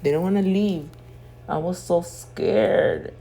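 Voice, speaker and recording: Doing her makeup at home, a woman who works as a nail artist and video host chats through a laid-back voiceover. She's sleepy from just waking, occasionally clears her throat, and spins stories in profane, slangy talk, her lowish voice slow and mellow.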